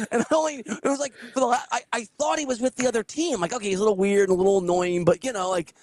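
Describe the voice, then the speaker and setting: A man hosting a casual podcast who tells stories in a lively way, laughs often and acts out the people he quotes. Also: high-pitched, fast talker, no room sound. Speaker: podcast host. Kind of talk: casual storytelling chat.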